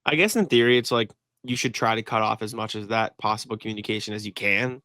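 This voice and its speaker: A man's voice: lowish voice, fast talker, sharp tone. A young man co-hosting a sports podcast, telling stories animatedly in casual chat, swearing and laughing. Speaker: podcast co-host.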